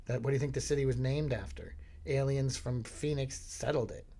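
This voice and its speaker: A man's voice: medium pitch, fairly even intonation, a little fast, warm tone. A man from Florida hosting a podcast, telling rambling, jokey stories in a casual comedic monologue. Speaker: podcast host.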